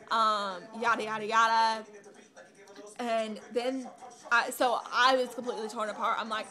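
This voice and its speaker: A woman's voice: on the high side, fairly even intonation, moderate pace, pushed and bright, soft background music. A young woman vlogging a personal story, rambling and hesitant with many fillers.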